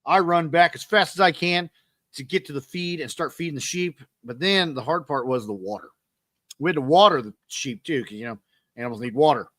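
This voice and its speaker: A man's voice: fairly high pitch, fairly quick, a bit bright, no room sound, studio quality. A man, hosting a podcast and telling rambling, self-deprecating stories in a casual monologue. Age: 30s. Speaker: podcast host.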